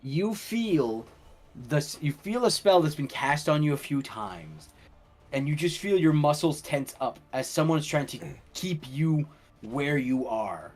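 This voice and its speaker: A young man running a tabletop game as dungeon master, telling the scene in an animated way and laughing often. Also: fairly high pitch. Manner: slow, animated storytelling with laughter.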